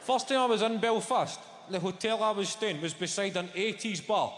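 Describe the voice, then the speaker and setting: A man's voice: high voice, moderate pace, very noisy. A Scottish man doing live stand-up in a large theatre, sardonic and sweary as he teases the audience. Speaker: stand-up comedian. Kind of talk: live stand-up routine with crowd work. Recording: echoey hall, loud audience laughter.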